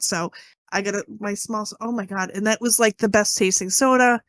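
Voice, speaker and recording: A woman's voice: medium pitch, steady tone, fairly quick, a bit bright, dry recording. A woman co-hosting a casual podcast, telling a rambling story with lots of "like" and "you know". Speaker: podcast co-host. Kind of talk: casual chat.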